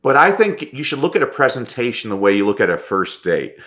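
A man telling stories as a podcast guest and presentation coach, animated and acting out quoted lines, often restarting words as he talks. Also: medium pitch, a little fast. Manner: lively, stammers restarts, acts out quotes. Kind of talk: animated anecdotal storytelling.

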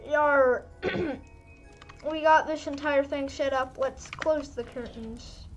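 A woman's voice: high voice, fairly even intonation, slow pace, soft background music. A woman voicing a bossy male pirate fox who says "yar" constantly while giving orders. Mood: gruff. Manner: pirate "yar" in nearly every line.

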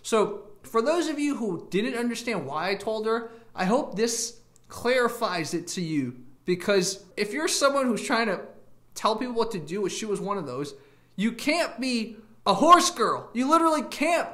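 A man talks straight to his camera in a loose, rambling rant, and his pitch swings widely as he chases one tangent after another. He laughs at his own jokes and throws in crude asides. His voice bounces around a roomy, echoey space. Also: very animated, normal speed, bright, forceful tone. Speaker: YouTube channel host.

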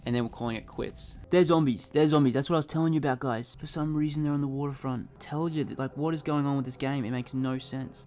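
A young man giving excitable, sweary let's-play commentary, quick to panic. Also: medium pitch. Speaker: gaming YouTuber.

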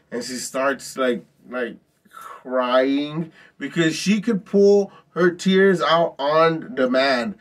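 Brief: male vlog host, higher-pitched voice, rambling and profane storytelling. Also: slow, recorded from a distance. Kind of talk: casual storytelling.

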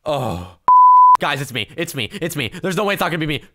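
A young man giving excited gameplay commentary, quick to yell and laugh, with loudness that swings fast. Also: on the high side, slight background noise. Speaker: gaming YouTuber.

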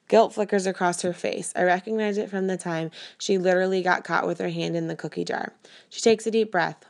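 A woman narrating a novel aloud in the first person, with steady, inward storytelling. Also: fairly low pitch, brisk, gravelly. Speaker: audiobook narrator.

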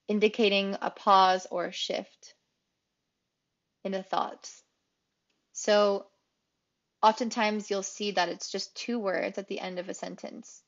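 Woman, English teacher, grammar lesson, clear explanatory delivery, mid pitch, slightly dull lo-fi sound. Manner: clear, explanatory, repeats key phrases for emphasis.

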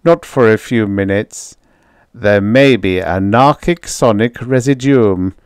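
Precise, cold perfectionist mastermind, read by a man, slow and deliberate. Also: on the low side, clear, resonant tone, dry recording, clean studio sound. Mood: measured. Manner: measured, precise, intoning.

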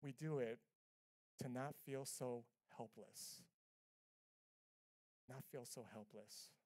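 A man preaching a sermon as pastor, telling a personal story with earnest, conversational delivery, swinging between soft and loud passages. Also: mid-range voice, slow. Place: church sanctuary.

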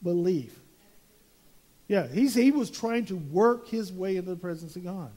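A man's voice: high voice, animated, measured pace, dark tone. A man preaching a verse-by-verse sermon as pastor, emphatic and prone to repeating words as he builds his point.

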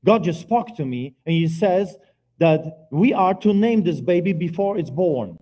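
A middle-aged man preaching a personal testimony at a church service, earnest and by turns quiet and forceful. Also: high voice, expressive, a little slow. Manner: earnest, swings between quiet and loud. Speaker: guest preacher giving testimony. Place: church sanctuary, live service.

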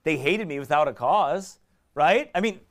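A middle-aged pastor, preaching a sermon in fiery, emphatic bursts that swing from quiet asides to raised shouts. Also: male voice, on the high side, animated, normal speed.

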